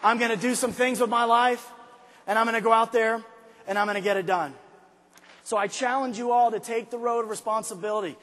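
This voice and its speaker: Husky-voiced man preaching in a big hall. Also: very high-pitched, fairly even intonation. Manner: swings from quiet intimate asides to shouted, drawn-out emphasis. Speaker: motivational speaker. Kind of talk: motivational speech to a large arena crowd. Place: large arena. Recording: live speech with long hall reverb.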